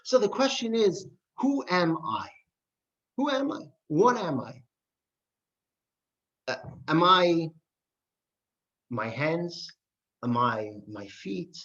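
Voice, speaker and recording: A man, a rabbi, teaching an adult class, asking rhetorical questions and telling stories with lively voices. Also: a little high, slow pace, pauses often. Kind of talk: adult education lesson. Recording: dull lo-fi recording.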